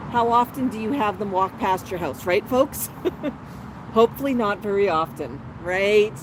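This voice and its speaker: Woman chatting on a live stream outside, bit high voice, street noise behind. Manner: chatty, talks to her bird and viewers in turn. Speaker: parrot channel host. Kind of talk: casual livestream chat. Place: outdoor patio.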